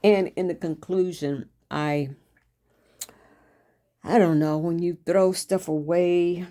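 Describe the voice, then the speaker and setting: A woman's voice: on the low side, fairly even intonation, slow pace, warm tone. An older woman hosting her own show, telling stories from her life in a folksy, chatty way. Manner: folksy, chatty, repeats herself. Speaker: host and author. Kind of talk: casual storytelling monologue.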